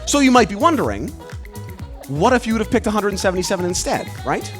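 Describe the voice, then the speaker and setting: Guy doing a mentalist show, high voice, hyped up patter, a bit of music under it. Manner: energetic, rapid number-calling to an audience. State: out of breath. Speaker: mentalist performer. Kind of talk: live stage show patter. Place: cruise ship show venue.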